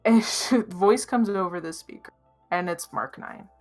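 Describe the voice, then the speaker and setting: A woman's voice: on the low side, moderate pace, faint music behind. A woman narrating as game master of a tabletop game, talking in a hesitant way with many fillers.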